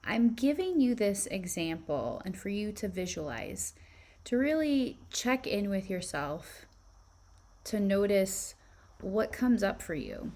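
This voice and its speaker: With a medium-pitched voice, a woman who teaches spirituality guides listeners through a visualization, posing calm, reflective questions.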